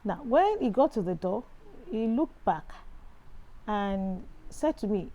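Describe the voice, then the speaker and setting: A middle-aged woman with a Nigerian accent, sharing a personal Christian testimony in an earnest storytelling way with animated exclamations. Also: a little high, a little slow, rough recording.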